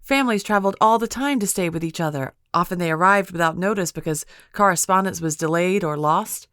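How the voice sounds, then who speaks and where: An eager, playful young American woman, voiced by a woman narrator, lifting her voice higher than the narration. The delivery is bright and lively. The audiobook sound is close and dry. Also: fairly quick, no echo, lightly acted.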